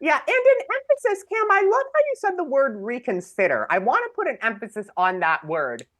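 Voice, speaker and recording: Male co-host, mock-solemn casual chat, bright and animated. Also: very high voice. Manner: emphatic, deliberate, mock-solemn. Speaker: podcast co-host.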